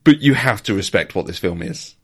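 A man's voice: fairly low pitch, expressive, brisk, husky. A man co-hosting a podcast in casual chat, enthusiastic, often repeating words and laughing. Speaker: podcast co-host.

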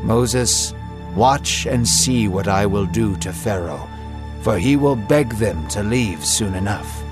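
A man voicing God as a calm, mighty and compassionate figure who speaks in a solemn, measured way. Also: medium pitch, natural voice. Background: music.

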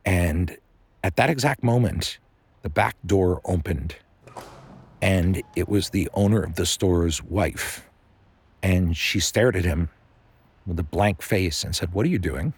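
A man's voice: deep voice, slow pace, pauses often, husky, no echo. A man casually improvising a bedtime story, rambling with many fillers.

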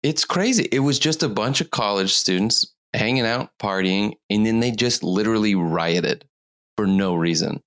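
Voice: medium pitch, moderate pace, fairly bright tone. A tired podcast host telling a news story in casual chat, rambling and giggling often. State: tired from lack of sleep.

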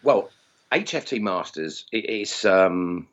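A man's voice: low-pitched, expressive, slow pace, a bit bright, muffled recording. A man in casual podcast chat, telling anecdotes in a chatty way and slipping into voices when he tells stories. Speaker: guest, airgun competition organiser.

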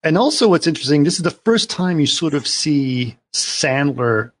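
Husky man animatedly retelling a film. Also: a little high, moderate pace. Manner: animated retelling, acts out quoted lines. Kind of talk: casual film discussion.

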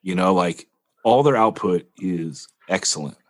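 Low-voiced casual male interviewer. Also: lively intonation, measured pace. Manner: casual, filler-heavy questions.

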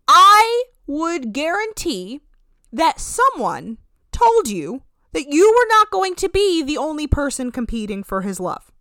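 A woman hosting a podcast, chatting casually about a reality show with animated, profane ranting. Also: high voice, no echo, studio quality. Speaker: podcast host. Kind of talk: casual recap chat.

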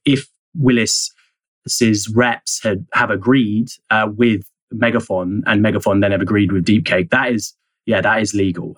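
Male journalist guest, lowish voice, dry close sound, hedging with lots of fillers. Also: a bit bright, no room sound, rough recording. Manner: hedging, many fillers and restarts. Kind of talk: conversational interview answers.

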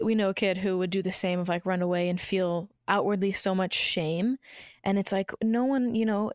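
A mother co-hosting a podcast, speaking casually and telling everyday stories with a relaxed, chatty manner. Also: on the low side, dry recording, studio quality. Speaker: podcast co-host.

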